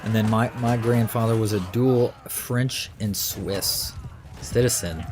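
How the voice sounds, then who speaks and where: A man's voice: on the low side, takes it slowly. Easygoing American man chatting with viewers. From United States. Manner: rambling, easygoing, chatty with many fillers. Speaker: gaming streamer. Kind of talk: casual chat with live viewers. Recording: steady background noise.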